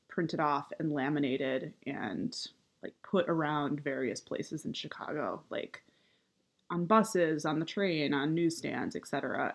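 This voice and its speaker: A woman in her thirties speaking in a low, unhurried voice. She talks in a loose, casual monologue, full of vocal fry and upward inflection. Fillers like "um" and "you know" come often. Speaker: writer and activist.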